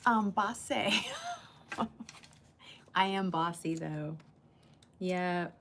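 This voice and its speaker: A woman's voice: lowish voice, drawn-out words, a bit bright, a little hiss or hum. A woman hosting a casual livestream, chatting bluntly and greeting viewers by name. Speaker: livestream host. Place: indoor room under a bright light.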